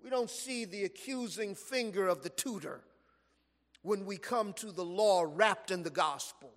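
A man's voice: high voice, a little slow. A man preaching a sermon in a church, telling stories and stretching words for emphasis. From Los Angeles, USA. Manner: animated storytelling preaching, stretched emphatic phrases. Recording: long reverb from a large hall.

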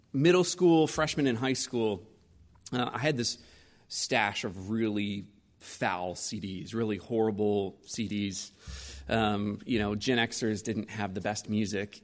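A man in his forties preaching a sermon, telling personal stories and asking rhetorical questions. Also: medium pitch. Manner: storytelling, rhetorical questions, lively shifts in loudness. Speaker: pastor.

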